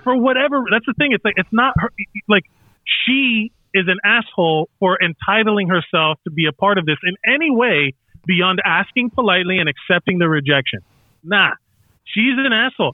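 A man's voice: high voice, animated, normal speed, no echo. A man co-hosting a casual podcast, arguing his point with lots of fillers and restarts. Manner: argumentative, hedging with fillers. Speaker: podcast co-host. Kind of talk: casual chat. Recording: tinny phone-like line.

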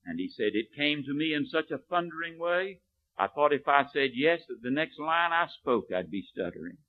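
Male preacher, storytelling sermon, animated pitch, often falls to a quiet, low delivery. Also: normal speed. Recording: narrow, phone-like lo-fi recording.

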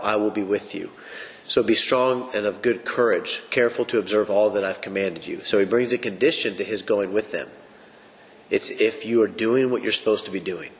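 A man's voice: fairly low pitch, a bit bright. A man teaching the Bible on a podcast, preaching in an emphatic, folksy way. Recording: long reverb.

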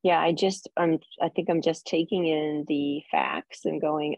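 Husky, hesitant woman on a dull video call line. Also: low voice, steady tone, darkish tone, no room sound. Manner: hesitant, halting talk. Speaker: coaching client. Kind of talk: casual video call conversation.

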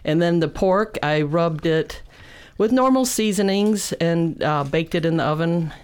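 A woman's voice: lowish voice, unhurried, a little mellow, clear, resonant tone. A woman casually explaining the food she made for a show, chatty and rambling, laughing at herself. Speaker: cook presenting food on a show. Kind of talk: casual chat.

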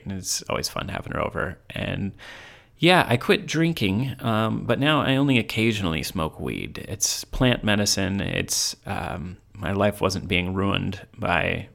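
A man hosts a loose home podcast and rambles from one thought to the next, restarting his sentences as he goes. His voice has a gravelly edge, and his pitch climbs and dips a lot. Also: a bit bright. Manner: rambling, laughs often, many restarts. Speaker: podcast host. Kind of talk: casual rambling podcast chat. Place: home, with a friend over.

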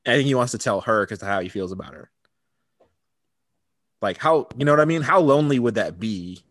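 A man in a relaxed podcast chat, walking through an episode's plot with easy laughs. His voice sits at an ordinary pitch and sounds close and dry, with no room echo. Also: fairly quick. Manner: laughs often, relaxed storytelling. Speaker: podcast co-host. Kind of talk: casual chat recapping a TV episode.

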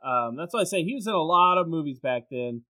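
Man, podcast co-host, casual chat, bright slightly high voice, opinionated, swears freely. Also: animated, quick pace. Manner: rambling, profane, opinionated. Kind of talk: casual film-review chat.

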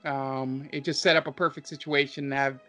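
A man's voice: medium pitch, level tone, a little fast, pushed and bright, soft background music. A man hosting a casual podcast, running a tabletop game, rambling with many fillers. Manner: rambling, filler-heavy, enthusiastic. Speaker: podcast host and game master.

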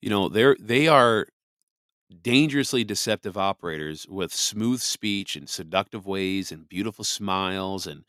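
A man's voice: low-pitched, measured pace, fairly bright tone, clear, resonant tone, no room sound, clean studio sound. A man hosting a podcast, giving casual Bible commentary in a conversational, emphatic way, often saying "you know". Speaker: podcast host.

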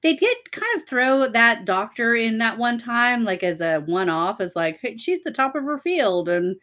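Sarcastic woman with a lively voice. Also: on the high side, normal speed. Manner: sarcastic, jokey. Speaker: podcast co-host. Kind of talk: casual chat.

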